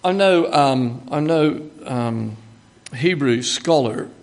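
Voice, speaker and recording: A man's voice: medium pitch, animated, slow. An older man with an Australian accent, preaching a sermon in a chatty, joking way, with emphatic bursts when he quotes God. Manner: conversational, chatty teaching with asides and humor.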